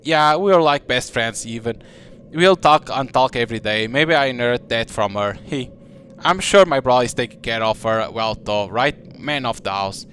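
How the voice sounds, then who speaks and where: A man's voice: mid-range voice, moderate pace, a bit bright, a little hiss or hum, close to an everyday voice. A cheerful, chatty young heroine, as a man puts her on while reading a game aloud. She rambles eagerly in a bubbly, lifted voice, hopping from thought to thought. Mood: fond.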